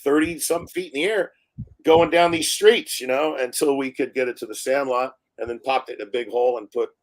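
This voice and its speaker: Animated man telling a film-set story. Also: mid-range voice, a little fast. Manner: animated storyteller acting out quotes, laughs often. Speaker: film director guest. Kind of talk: storytelling in a live interview. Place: live online stream.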